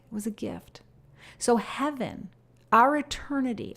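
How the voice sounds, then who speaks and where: A woman in her fifties giving a personal spiritual talk, earnest, slowing down and softening when she reads her written messages. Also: fairly high pitch, expressive. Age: 50s. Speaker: host sharing messages from prayer.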